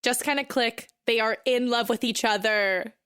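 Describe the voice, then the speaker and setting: A woman's voice: on the high side, moderate pace, smooth. A woman co-hosting a podcast, chatting casually about a film and acting out characters' lines. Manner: animated, slips into quoting characters. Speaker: podcast co-host.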